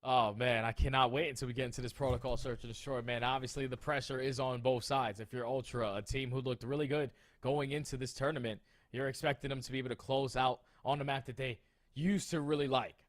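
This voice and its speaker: A man's voice: mid-range voice, steady tone, fairly quick. A man co-casting an esports match, hyped and emphatic, with slangy turns of phrase. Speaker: esports co-stream caster. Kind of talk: casual esports commentary.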